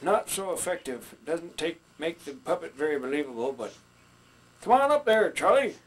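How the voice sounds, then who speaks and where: In a puppet instruction skit, a man speaks as a folksy older male puppet, chatting with the audience and trailing into fillers as he explains stage entrances. His voice runs on the high side and sounds sing-song at a moderate pace; he's a puppetry instructor.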